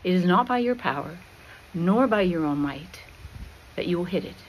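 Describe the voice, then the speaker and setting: Here is a tender, fatherly archer of great power who speaks softly and solemnly, as a woman puts him on. His low voice carries a gentle, gravely kind weight. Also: moderate pace, slight background noise, close to an everyday voice, low-quality recording. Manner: tender, soft-spoken, solemn.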